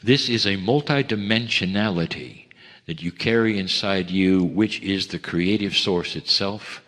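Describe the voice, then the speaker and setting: A man giving a channeled spiritual message to an audience, speaking gently and measured, with emphatic pauses and calling listeners dear ones. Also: low voice. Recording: long hall reverb.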